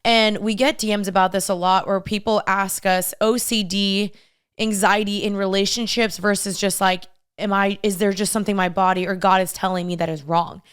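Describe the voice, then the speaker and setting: A young woman co-hosting a casual podcast, giving earnest advice on relationships in quick bursts. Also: mid-range voice, fairly even intonation, smooth. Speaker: podcast co-host and author.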